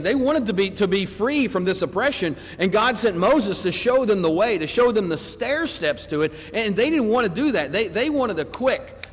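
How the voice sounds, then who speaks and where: Animated preacher in a reverberant church. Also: male voice, high voice, breathy edge. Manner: animated, swings between loud emphasis and quiet asides; acts out congregants' voices mid-sermon. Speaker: preacher teaching a Bible class. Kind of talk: sermon. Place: church sanctuary.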